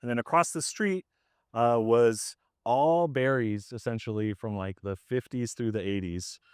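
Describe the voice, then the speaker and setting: A man walking a group around his farm outdoors and explaining his methods in a loose, conversational way full of "like" and "um." His voice is a little hoarse, yet it comes through smooth and close. There is no room echo. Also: mid-range voice, measured pace, a little mellow. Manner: casual and conversational, with many fillers. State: slightly hoarse. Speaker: farmer leading a farm tour.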